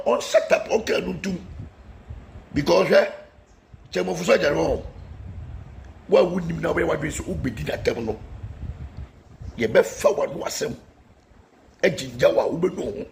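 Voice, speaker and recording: A man's voice: fairly high pitch, moderate pace, vocal fry, long pauses. A man delivering a heated political rant, combative and scolding, repeating warnings at his critics. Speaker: political commentator.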